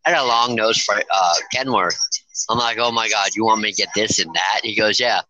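A man's voice: fairly low pitch, brisk, a little hiss or hum, poor audio. Profane storytelling trucker man. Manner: profane, animated, acts out quoted dialogue. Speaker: truck driver guest. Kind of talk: casual storytelling.

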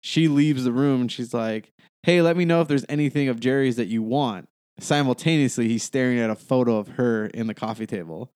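A man's voice: mid-range voice, fairly quick, darkish tone, smooth, no echo, clean studio sound. A man co-hosting a movie podcast in casual chat, who swears freely and acts out scenes he loves. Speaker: podcast co-host.

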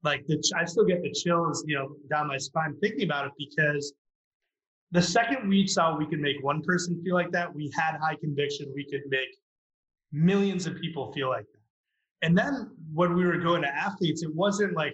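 A man, a startup founder, telling a story on a podcast with lively acted-out quotes. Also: fairly high pitch, normal speed. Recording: roomy, dull lo-fi sound.

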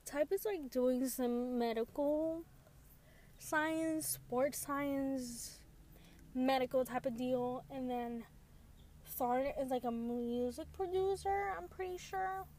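A woman's voice: high voice, slow, a little mellow, a little hiss or hum. A young woman casually recapping a TV episode, rambling with lots of filler words and giggles. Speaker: show recap vlogger.

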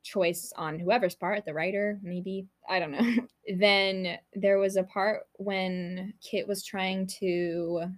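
A young woman rambles through a casual podcast chat, piling up fillers as she goes. Her voice sits at a middle pitch. The recording is dry and close. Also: fairly even intonation, slow pace, dry recording. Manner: chatty, rambling with many fillers and laughs. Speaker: podcast co-host.

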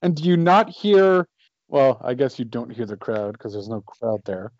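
A man's voice: mid-range voice, normal speed, a little mellow, no room sound. Man, incredulous questioning, casual podcast, dry dull audio. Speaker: podcast co-host. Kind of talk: casual wrestling chat.

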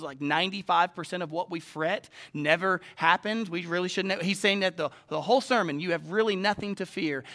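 Preacher guy, high bright voice, goes from hushed storytelling to fired up shouting. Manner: passionate, swings from quiet storytelling to loud excited preaching. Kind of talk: sermon with storytelling.

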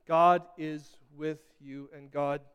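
A man's voice: on the high side, little pitch movement, takes it slowly, clear, resonant tone, in a large hall, highs cut off. A man preaching a sermon as pastor, repeating himself with restarts and building to emphatic peaks. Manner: repetitive, stammering restarts, building to emphatic crescendos.

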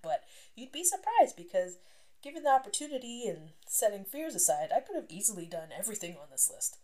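A woman's voice: medium pitch, sing-song, fairly quick, mellow. Chatty woman podcast host, laughing often. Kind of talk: casual solo podcast monologue.

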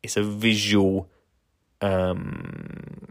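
A man's voice: on the low side, little pitch movement, very slow. Rambling, upbeat man. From England. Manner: rambling and enthusiastic, many fillers and restarts. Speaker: podcast host. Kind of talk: casual solo podcast monologue.

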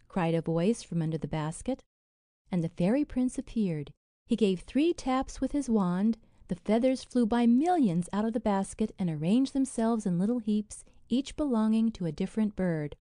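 A woman narrating a fairy tale audiobook in a measured, expressive way. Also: mid-range voice, dry recording, studio quality.

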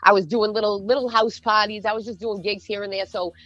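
Woman with a Boston accent, a DJ guest, animated and profane, middle pitch, slightly muffled dry recording. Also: a little fast, no echo. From Boston North Shore. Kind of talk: casual podcast chat.

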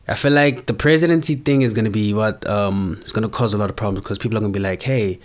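A man's voice: lowish voice, steady tone, fast. A young man from South Africa talking casually in a rambling, slangy monologue.

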